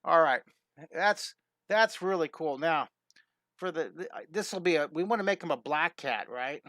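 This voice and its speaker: A man's voice: fairly high pitch, animated, bright, forceful tone, no room sound, clean studio sound. Eager man teaching drawing live. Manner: enthusiastic, chatty, greets viewers, quick cat sound effects. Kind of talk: live-streamed drawing lesson.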